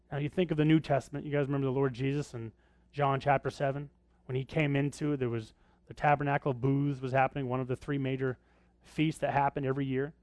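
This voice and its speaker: A man's voice: on the high side, no room sound, studio quality. A man preaching a sermon in a conversational way, often asking his listeners rhetorical questions. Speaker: pastor.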